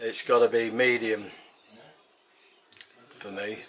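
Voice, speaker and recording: A man's voice: on the low side, level tone, slow pace, a bit bright. A man from England with an English accent, chatting casually to camera in a home kitchen, rambling and repeating himself as he talks. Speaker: home cooking vlogger.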